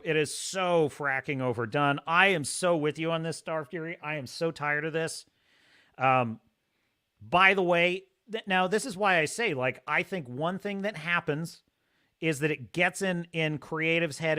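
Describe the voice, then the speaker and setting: A man hosting a live stream, reading viewer comments and ranting in an animated, laughing way. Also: on the high side. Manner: animated, ranting, laughs often, mocks pronunciations. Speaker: host.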